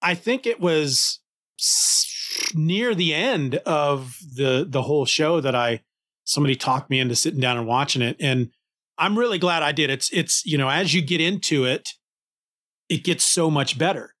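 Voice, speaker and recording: A man talking casually as a podcast cohost, enthusiastic and lively, often restarting his sentences. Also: on the high side, normal speed. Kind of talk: casual conversation.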